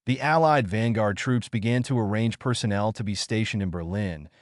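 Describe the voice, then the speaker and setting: A man giving steady scripted narration as the reader of an audiobook. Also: on the low side, normal speed, no echo, studio quality.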